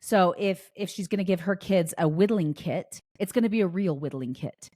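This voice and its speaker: A podcast host with a notably low, deep, mellow voice tells a chatty, casual story at normal speed, often backtracking and restarting with plenty of fillers. The recording is dry and close, with no room sound around her.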